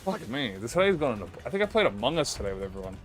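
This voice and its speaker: A young man live streaming while he plays a game, chatting casually, swearing a lot, rambling through stammered restarts and loudly insisting he is not upset. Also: medium pitch, racing. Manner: excitable, swears a lot, jumps to deny being upset. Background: game music playing.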